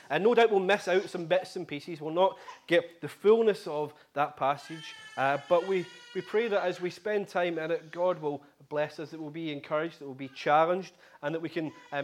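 A man's voice: on the high side, a little hiss or hum. A man preaching a sermon in an earnest way, repeating key phrases for emphasis.

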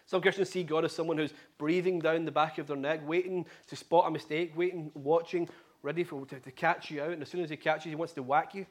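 A man's voice: on the high side, fairly even intonation, quick pace. A man preaching a sermon in an earnest way, repeating key phrases for emphasis.

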